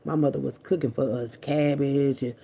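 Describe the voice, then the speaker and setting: A woman's voice: very deep voice, fairly even intonation, moderate pace, vocal fry, warm tone, slight background noise. A woman vlogger talking candidly and bluntly to her viewers, chatty and profane, often repeating herself. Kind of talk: candid casual storytelling to viewers.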